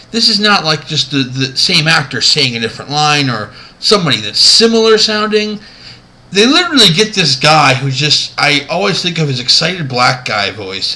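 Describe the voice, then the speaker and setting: A man's voice: fairly high pitch, bright, forceful tone, rough recording. A man vlogging a casual, rambling and amused commentary that counts down his favorite movie moments. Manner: chatty, rambling, amused, many fillers.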